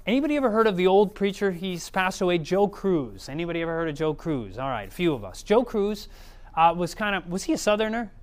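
A man's voice: high-pitched, sing-song, fast. A man preaching a sermon in a conversational way, often checking in with the audience.

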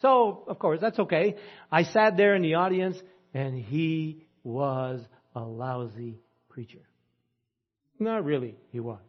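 A man's voice: fairly high pitch, slow. A man preaching a sermon in a folksy storytelling way, asking the congregation rhetorical questions. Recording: muffled lo-fi recording.

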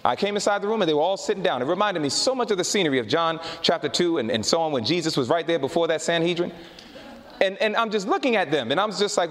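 A man preaching to a congregation, his fairly high voice rising and falling in a lively, animated way. He tells stories with energy and slows down for emphasis. His voice rings out with a long hall reverb. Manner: animated storytelling, slowing down for emphasis. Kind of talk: sermon.

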